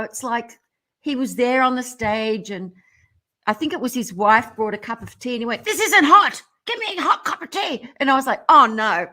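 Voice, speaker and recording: A middle-aged woman telling stories as a radio interview guest, animated and irreverent, often breaking into laughter. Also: fairly high pitch.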